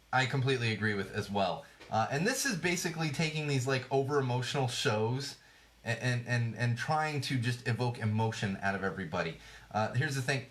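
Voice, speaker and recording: A man's voice: mid-range voice, a bit bright. A man in his thirties hosting a podcast, rambling casually and sarcastically about TV trends with lots of fillers and restarts. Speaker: podcast host. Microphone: podcast microphone.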